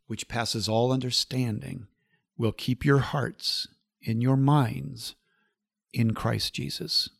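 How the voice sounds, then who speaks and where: A man's voice: mid-range voice, gravelly, dry recording, clean studio sound. A man hosting a Catholic podcast, talking earnestly and pastorally, repeating key phrases and closing in prayer.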